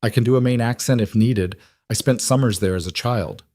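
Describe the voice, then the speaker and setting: Man reading a quiet, careful wounded mother. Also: medium pitch, fairly quick, no room sound, studio quality, close to an everyday voice. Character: hurt, careful young mother.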